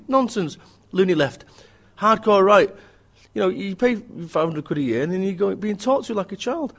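Blunt, fast-ranting man. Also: high-pitched, big pitch swings, a bit bright. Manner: blunt, ranting, mimics voices. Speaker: author and business speaker. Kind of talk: energetic interview talk.

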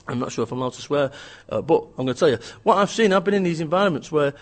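A man's voice: on the high side, animated, rapid-fire. A man, an author and business speaker, giving a blunt, emphatic, joking rant in an interview.

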